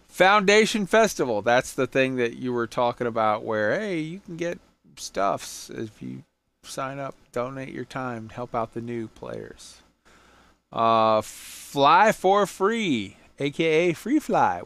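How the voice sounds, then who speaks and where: Lively, swearing podcast host man. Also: a little high, slow, dry recording. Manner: loose, swearing, jokey. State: tired. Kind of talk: casual gaming podcast chat.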